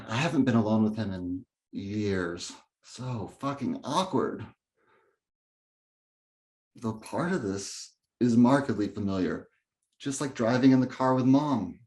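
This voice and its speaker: Guy doing an intense bitter inner monologue, slow and biting. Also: lowish voice. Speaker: narrator and main character.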